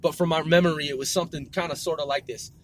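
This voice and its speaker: A man's voice: on the high side, steady tone, fast talker, slight background noise. A man in his forties, talking casually and rambling with lots of swearing and self-corrections while he drives, for a mobile podcast. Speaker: podcast host. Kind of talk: casual rant while driving. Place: in a moving car. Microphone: mobile recording.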